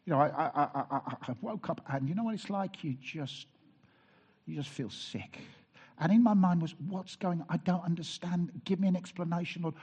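A husky, slightly high-voiced man preaches from the pulpit. He tells personal stories earnestly, with wry asides and stumbling restarts. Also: brisk, a little mellow. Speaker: pastor.

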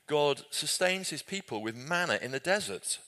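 A man's voice: a little high, animated, moderate pace. Man, Bible study leader, easygoing and chatty, often restarting his sentences. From Britain. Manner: conversational, self-correcting, gently humorous. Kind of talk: group Bible study teaching.

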